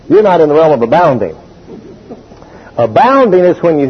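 A man's voice: fairly high pitch, animated, normal speed, husky, lo-fi sound. A man preaching a sermon with emphasis, telling the congregation to write things down and to repeat key words. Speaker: pastor.

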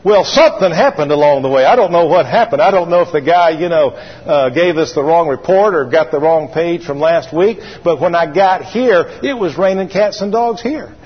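A man preaches in a somewhat high, husky voice, spinning a folksy story and calling for his congregation to answer him. The sound is dull, with a long reverb from a large church hall. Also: normal speed, few pauses. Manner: call-and-response with congregation. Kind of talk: sermon. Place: church sanctuary.

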